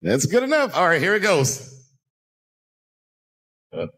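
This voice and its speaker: A man in his fifties doing a stand-up comedy routine, telling stories in an animated, punchy way. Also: high voice, slow, breathy edge. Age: 50s.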